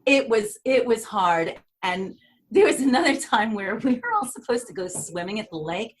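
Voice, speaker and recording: A woman's voice: medium pitch, moderate pace, slightly rough. A middle-aged woman with a New York accent, telling set stories as an interview guest and acting out the voices. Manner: animated, acts out voices and screams. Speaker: actress guest. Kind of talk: storytelling interview.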